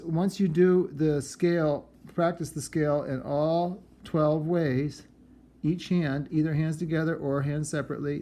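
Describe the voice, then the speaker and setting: A man teaching piano, explaining practice methods for scales in a relaxed way while he demonstrates. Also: a little high. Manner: relaxed, explains while playing and counting aloud. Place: room with a piano. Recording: echoey room with piano playing.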